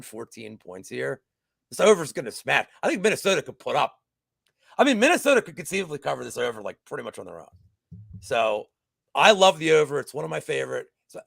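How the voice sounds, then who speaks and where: A man co-hosting a casual sports betting chat, profane and excitable, swinging from loud outbursts to mumbling, just getting over a cold. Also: mid-range voice, vocal fry, slightly rough, no room sound, clean studio sound. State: recovering from a cold. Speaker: co-host.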